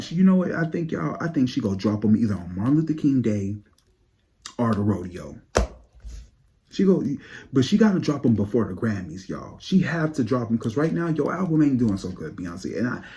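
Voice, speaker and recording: A man giving sassy, profane gossip commentary to his viewers, dropping to low mutters and jumping up to high exclaims. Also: mellow, slight background noise. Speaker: psychic tarot channel host.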